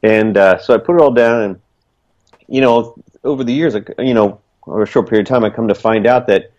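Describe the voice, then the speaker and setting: A man with a lowish voice tells his story in a loose, earnest ramble, leaning on fillers as he goes. The recording sounds dull and lo-fi. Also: fairly quick, darkish tone. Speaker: guest, small business owner. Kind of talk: casual storytelling.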